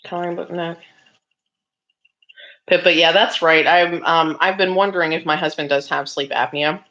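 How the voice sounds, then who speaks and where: In a slightly dull lo-fi recording, a woman hosts a casual craft livestream, reading viewer comments aloud and chatting back with many laughs and ums. Her low voice is fairly bright, with fairly even intonation and a moderate pace.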